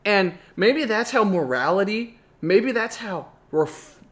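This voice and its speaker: High-voiced young man rambling through a memory. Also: lively intonation, slow pace, fairly bright tone. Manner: rambling, with frequent restarts and asides. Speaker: vlogger. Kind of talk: reflective personal storytelling.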